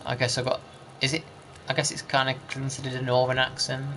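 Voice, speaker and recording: A man's voice: medium pitch, completely flat delivery, a little fast, bright, forceful tone, a little hiss or hum. A man with an East Midlands accent, chatting casually with his viewers and muttering to himself as he plays a game on a live stream. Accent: East Midlands English. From East Midlands, England. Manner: laid-back, chatty, mutters to himself while playing. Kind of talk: casual live-stream chat, reading chat aloud.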